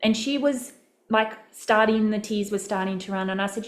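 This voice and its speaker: A woman's voice: medium pitch, normal speed, roomy sound. A woman coaching a group, telling a personal story in a candid, casual way and acting out the people in it. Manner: candid, swears casually, acts out quoted voices. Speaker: mastermind coach.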